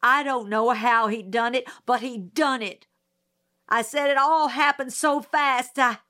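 A woman's voice: mid-range voice, lively intonation, a little slow, a bit bright. A woman reading an audiobook, voicing a young poor Southern woman on the witness stand who is defensive, flustered and angry. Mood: raging. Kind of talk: audiobook character voice.

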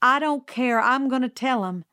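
A woman reading aloud who voices a brisk, no-nonsense housekeeper in a storybook, firm and loud. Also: sits high, clear, resonant tone, no echo, clean studio sound, voice pushed up. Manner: firm, scolding, calls out loudly.

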